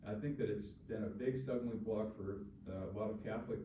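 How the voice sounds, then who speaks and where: Hesitant low-voiced man, far from mic. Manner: hesitant, halting, many fillers. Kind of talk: casual discussion. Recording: distant, roomy, dull, noisy.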